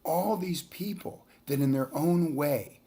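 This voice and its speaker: A man's voice: a little high, slow, mellow. Earnest man telling a motivational story. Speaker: transformational leader and coach.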